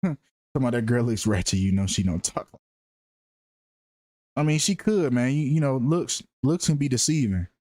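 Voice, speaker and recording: A man's voice: mid-range voice, lively intonation, normal speed, pauses often, darkish tone, no room sound. Slangy man with a dry, close sound. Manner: slangy, emphatic, repeats phrases for effect. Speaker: true-crime numerology commentator. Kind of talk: casual profane commentary monologue.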